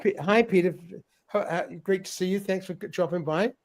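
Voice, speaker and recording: Chatty higher-voiced man hosting a stream. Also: brisk. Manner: chatty, laughs often, stumbles and repeats words. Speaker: livestream host. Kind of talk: casual chat reading viewer comments.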